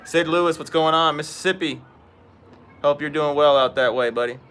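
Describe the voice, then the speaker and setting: Male stream host, very bright, forceful tone, easygoing outdoor chat. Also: fairly high pitch, moderate pace, smooth. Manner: chatty, greets viewers by name. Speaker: fishing livestream host. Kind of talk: casual live-stream chat. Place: outdoors at home.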